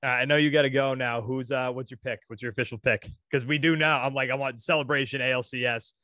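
A young man co-hosting a casual sports chat, enthusiastic and quick to cite stats. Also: medium pitch, steady tone, pushed and bright, no room sound. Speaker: sports podcast co-host.

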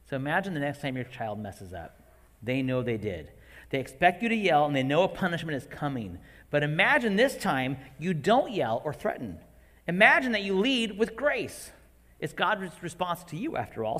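A man in his forties preaching a sermon to parents, animated and acting out his own outbursts. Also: on the high side. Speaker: pastor. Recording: long hall reverb.

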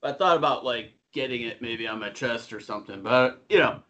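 A man's voice: mid-range voice, a little fast, a bit bright, highs cut off. A middle-aged man co-hosting a podcast, telling rambling, profane stories in casual chat. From Buffalo, New York. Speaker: podcast co-host.

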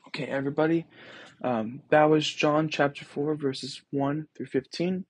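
A man's voice: fairly high pitch, steady tone, normal speed, no room sound. A young man hosting a podcast, reflecting on scripture in a casual, earnest way with many ums and restarts. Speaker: podcast host.

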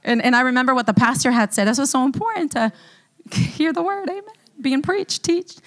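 Woman pastor, high voice, animated church testimony full of laughter. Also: brisk. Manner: animated storytelling, breaks into laughter often. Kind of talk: sermon testimony. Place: church service.

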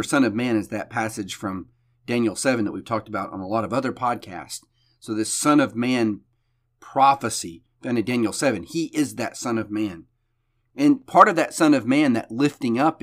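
A man of middle pitch gives a devotional Bible teaching for his podcast. He reads the passage aloud, then unpacks it in a loose, conversational way, often stumbling and repeating a word before going on. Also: normal speed, a bit bright. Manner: conversational with frequent restarts and repeated words.

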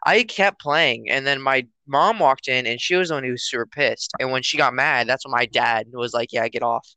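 A teenage man co-hosting a podcast in casual chat, rambling and acting out his parents in loud quotes. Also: mid-range voice, moderate pace, clean tone, no echo, rough recording. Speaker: podcast co-host.

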